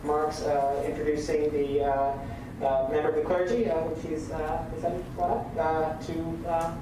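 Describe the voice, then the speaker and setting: A man's voice: a little high, flat delivery. Guy stumbling through a meeting intro, far off in a super echoey noisy room. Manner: halting, full of fillers. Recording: echoey, distant, noisy meeting-hall recording.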